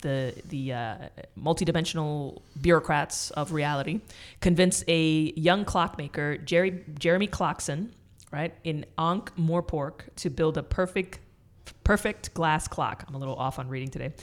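A woman's voice: sits low, moderate pace. A woman co-hosting a podcast in casual chat, rambling and joking with frequent swearing. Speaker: podcast co-host.

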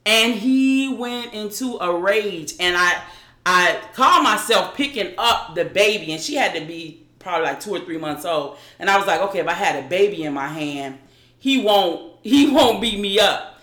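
Woman guest telling her story, halting and restarting a lot, bright voice, roomy echo. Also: mid-range voice, lively intonation. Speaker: interview guest. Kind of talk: recounting a personal story.

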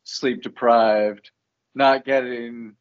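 A man's voice: medium pitch, steady tone, extremely slow, dull audio. Hesitant, musing podcast co-host man. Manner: thinking aloud, hesitant, hedging. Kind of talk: casual chat about a TV show.

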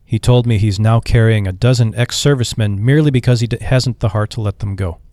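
A man's voice: fairly low pitch, fast, warm tone, no echo, close to an everyday voice. A man reading aloud and voicing a cheerful, earnest young army veteran looking for work. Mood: eager.

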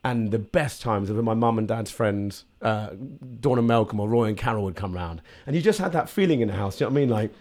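A man's voice: fairly low pitch, fast, hardly any pauses. A man in his late thirties, a podcast guest chatting casually and acting out little voices as he tells stories. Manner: animated storyteller who acts out little voices.

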